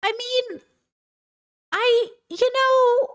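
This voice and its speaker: A young woman chats casually on a live stream, reacting to a music video. She laughs often and sounds openly incredulous. Her voice sits high. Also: drawn-out words. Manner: laughing, incredulous, sarcastic asides.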